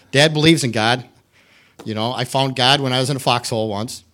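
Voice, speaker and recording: A middle-aged man from the United States shares his personal testimony at church. He talks in a candid, conversational way and pokes fun at himself with dry humor. His voice sits at an ordinary middle pitch. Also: moderate pace, long pauses, a bit bright. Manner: candid, self-deprecating, wry humor. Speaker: church member giving testimony.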